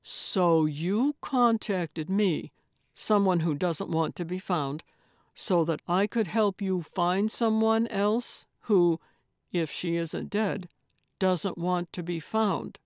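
A woman voicing a guarded, gruff man in hiding, curt and wary in an audiobook. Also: slow pace, a little mellow, no room sound, clean studio sound. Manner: curt, wary, low-key.

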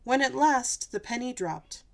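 A woman reading a picture book aloud to kids, her voice sitting fairly high. She reads in an expressive, animated way, shaping each line for young listeners. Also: a little slow, vocal fry. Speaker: children's storyteller.

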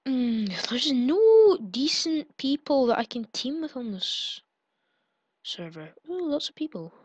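Brief: woman channel host, playful game commentary, high voice, very unhurried delivery. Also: sing-song, a little mellow, breathy edge, dry recording. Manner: playful, pleading and gloating in turns. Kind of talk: gameplay commentary.

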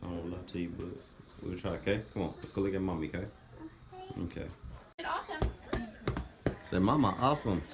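A man's voice: low-pitched, level tone, moderate pace, long pauses, heavy background noise. A man vlogging with his young son, talking in a playful, teasing way and coaxing the boy along. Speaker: vlogger dad. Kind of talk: casual family vlog chat.

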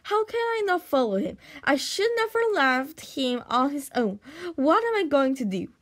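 A woman's voice: high voice, very animated, moderate pace. A woman voicing a sensible young boy who talks in a soothing, worried way. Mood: anxious.

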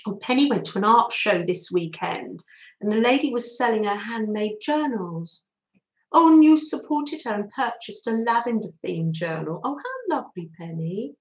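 A woman hosting a live craft stream, chatting warmly with viewers and giggling often. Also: medium pitch, very animated, normal speed, roomy sound, dull audio. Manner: chatty, giggly, talks through snacking. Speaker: livestream host reading viewer comments.

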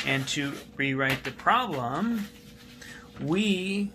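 Patient, bright-voiced man teaching math. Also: on the high side, takes it slowly. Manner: patient, repeats key steps, asks students questions. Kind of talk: recorded classroom math lesson.

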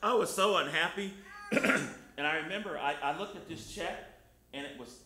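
A slightly high-voiced man with a sharp tone preaches at a moderate pace, and the recording of the echoey church sanctuary carries a little hiss or hum. His sermon is built on folksy personal stories told in plain, colloquial language.

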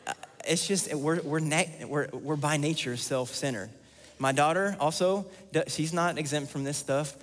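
A man's voice: fairly high pitch, normal speed. A man preaching a sermon as pastor, earnest and repeating key lines for emphasis. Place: church sanctuary. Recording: long church hall reverb.

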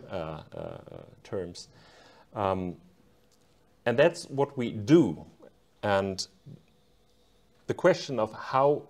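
A man discussing his own book in an academic conversation, careful and halting as he searches for words. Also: lowish voice, darkish tone.

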